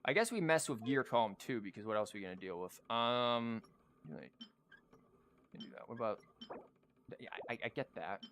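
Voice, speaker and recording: A man's voice: medium pitch, expressive, normal speed, pauses often, fairly bright tone, a little hiss or hum. A male streamer chatting casually on a livestream, rambling and stammering as he plays a card game and talks to chat.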